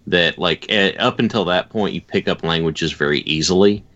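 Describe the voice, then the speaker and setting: A man co-hosting a podcast, talking casually in a measured, hesitant, explanatory way. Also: low voice, fairly bright tone. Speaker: podcast co-host. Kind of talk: casual chat. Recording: dull lo-fi sound.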